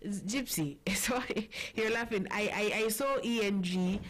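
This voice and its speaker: A woman's voice: mid-range voice, unhurried. Chatty Kenyan woman hosting a talk show. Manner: chatty and playful, switching languages mid-sentence. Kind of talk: casual political chat.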